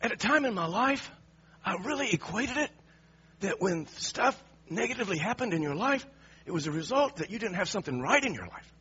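Animated, high-voiced preacher, husky and bright. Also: male voice, brisk, highs cut off. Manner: animated, emphatic, questioning the audience. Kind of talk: sermon.

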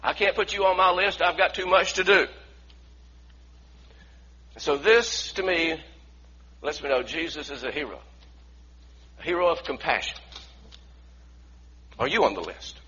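Man preaching a lively sermon, husky, dull lo-fi recording. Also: a little high, a little slow, pauses often. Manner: animated, acts out voices from the story, asks the congregation to repeat.

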